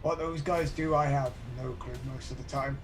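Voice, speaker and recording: Male player, a little higher voice, wry jokes at the table. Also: steady tone, normal speed, over music. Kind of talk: casual table talk.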